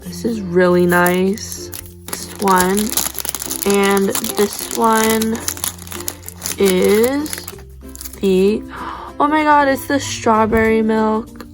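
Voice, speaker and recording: A young woman chatting casually as she unboxes squishy toys, gushing and gasping with excitement. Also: mid-range voice, very slow, long pauses, soft background music. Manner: excitable, gushing, breathless gasps.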